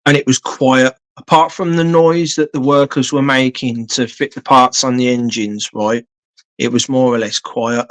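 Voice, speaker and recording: A man's voice: medium pitch, steady tone, moderate pace, fairly bright tone. A man telling a long story on a casual live stream, blunt and sweary, rambling with lots of fillers.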